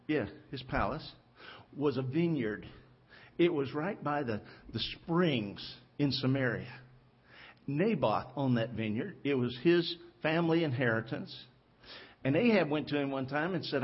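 A pastor preaches from a church pulpit, telling a story and giving its characters their own voices as he acts out their lines. His voice is mid-range and a little rough, and the recording has its high frequencies cut off.

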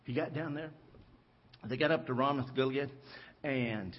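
In the church sanctuary, a pastor stands at the pulpit and tells a story within his sermon, voicing each character's lines. His mid-range voice is unhurried, and the recording has its highs cut off.

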